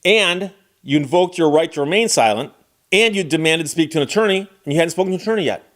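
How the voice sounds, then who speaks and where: A man's voice: on the high side, expressive, quick pace, fairly bright tone. A man giving casual, wry legal commentary and talking straight to the viewer in a conversational way.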